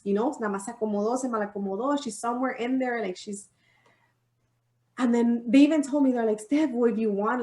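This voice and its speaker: A young woman speaks in a fairly high voice, telling a story from her own life in a heartfelt way and moving between English and Spanish, with frequent "like" and "you know". She sits back from the mic, and the room gives her voice a clear echo. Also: a little mellow. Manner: heartfelt, mixes English and Spanish, many fillers. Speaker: podcast co-host. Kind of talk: personal storytelling in casual chat. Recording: roomy sound, mic at a distance.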